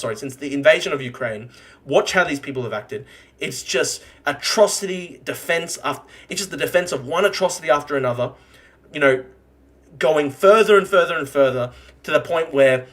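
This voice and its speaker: A man's voice: medium pitch, a bit bright. A young man hosting a live stream, ranting angrily and swearing, repeating phrases for emphasis. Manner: heated, profane, repeats himself for emphasis. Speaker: livestream host. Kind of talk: angry political livestream rant.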